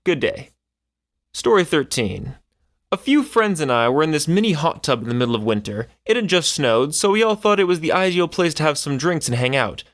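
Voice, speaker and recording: A man narrating online stories aloud as a scripted reading. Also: a little fast. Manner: animated storytelling with swinging pitch.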